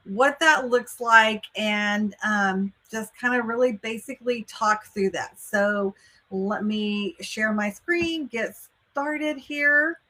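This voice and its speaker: A woman's voice: a little high, sharp tone. A woman with a Texas accent, hosting a live online workshop on college admissions, chatty and upbeat as she greets viewers by name and walks through the plan. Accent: Texan. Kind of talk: live webinar talk.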